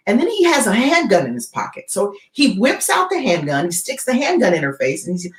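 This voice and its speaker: Woman guest speaker telling a wild story, super expressive pitch, says "right?" a lot, echoey room. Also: fairly quick, few pauses. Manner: animated, keeps checking in with "right?". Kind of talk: dramatic storytelling in an interview. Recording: roomy echo.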